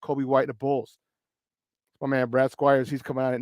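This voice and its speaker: A man with a Chicago accent hosting a morning sports talk show, energetic and playful, giving slangy shout-outs to his listeners. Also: mid-range voice, fairly quick, no echo. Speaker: sports talk radio host.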